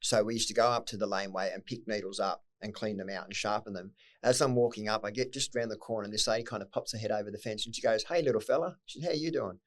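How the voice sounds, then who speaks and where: A middle-aged Australian guest on a podcast tells candid personal stories in a fairly low, flat voice. He talks fast and bluntly, swearing freely while recounting hard memories, and now and then emotion breaks through.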